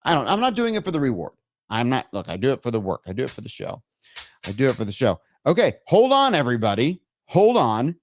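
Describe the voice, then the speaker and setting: Man in his thirties, live show host, casual chat, exasperated and laughing at tech trouble, very lively pitch. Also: fast, no room sound.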